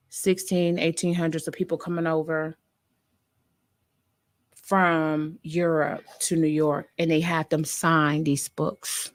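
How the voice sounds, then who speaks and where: A young adult woman, a nurse and podcast host, telling an emotional personal story in a casual, animated way and talking straight to her listeners. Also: low-pitched.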